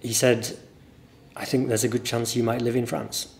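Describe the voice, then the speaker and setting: A man with a mild northern English accent, a teacher giving a relaxed guest interview and telling stories thoughtfully at length. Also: medium pitch, normal speed, gravelly, slight background noise. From northern England. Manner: thoughtful, anecdotal, explains at length.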